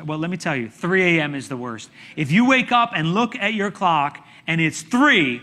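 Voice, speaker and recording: Male pastor, sermon, dramatic storytelling, fairly high voice, bright tone. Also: moderate pace, few pauses. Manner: dramatic, animated storytelling with sudden shouts and hushed asides.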